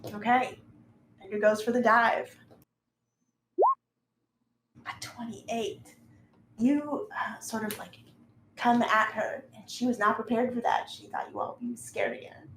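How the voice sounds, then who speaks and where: A woman's voice: a little high, lively intonation, measured pace, long pauses, fairly bright tone. Woman narrating a tabletop game, echoey room. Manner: casual, descriptive, frequent fillers. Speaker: game master. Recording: echoey room with faint noise.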